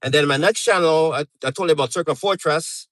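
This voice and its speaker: Casual male live streamer, middle-aged, from Canada, slightly high voice, rambling, lots of fillers, dry sound. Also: quick pace, fairly bright tone, no echo, low-quality recording. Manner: rambling, chatty, many fillers and restarts.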